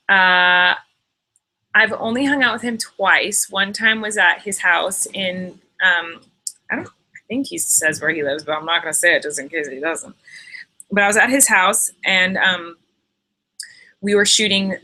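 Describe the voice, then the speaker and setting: A woman's voice: medium pitch, bright, forceful tone. A young woman hosting a late-night live stream, chatting casually and gushing about friends, with lots of fillers and quoted voices. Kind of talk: casual chat. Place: indoors at home, late at night.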